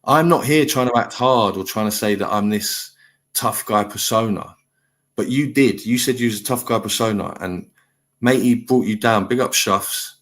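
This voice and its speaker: A man's voice: lowish voice, moderate pace, fairly bright tone. Man, middle-aged, live panel host, blunt, lecturing, repetitive. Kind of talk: heated live panel chat.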